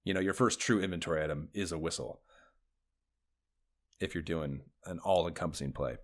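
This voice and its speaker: A man co-hosting a podcast, chatting casually about retro video games, excitable, swearing freely and laughing often. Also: deep voice, a little fast. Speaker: podcast co-host.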